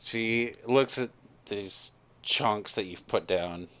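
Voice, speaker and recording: A man's voice: fairly low pitch, takes it slowly, fairly bright tone, smooth. A man acting as game master, narrating a tabletop game and laughing often.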